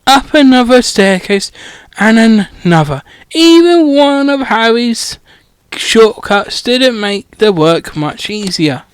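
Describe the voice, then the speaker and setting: A man's voice: very high voice, very animated, measured pace, clear, resonant tone, no room sound. A man reading a comedic parody audiobook through a headset mic, irreverent and swearing, often stumbling over words. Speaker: audiobook reader.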